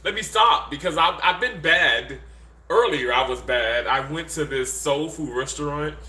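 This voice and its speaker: Reading viewer comments on a live stream, a Southern man from Mississippi rambles casually from his hotel room, full of fillers. His voice is fairly high, a little slow, pushed and bright, in a reverberant space.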